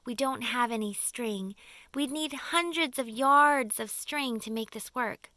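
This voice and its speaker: A woman voicing a calm, determined young boy in an audiobook, explaining earnestly and steadily. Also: on the high side, a little slow, dry recording, pitched above the performer's own voice. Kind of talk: audiobook character voice.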